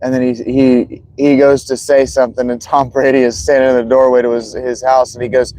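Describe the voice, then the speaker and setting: A man's voice: mid-range voice, level tone, brisk, mellow, no room sound. A man streaming live as he watches football, chatting casually and greeting viewers by name.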